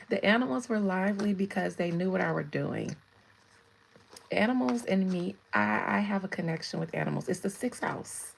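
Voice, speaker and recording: A woman's voice: lowish voice, creaky, husky, poor audio. A woman hosting a casual tarot livestream, chatting with viewers and laughing often. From United States. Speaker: tarot reader and livestream host.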